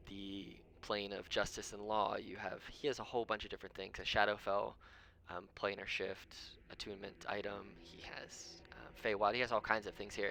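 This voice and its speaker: A man running a tabletop game as game master, narrating in a loose, rambling way full of ums. His voice sits low in pitch yet has a bright, forward edge. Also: creaky, a little hiss or hum. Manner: rambling, lots of ums, chuckles often.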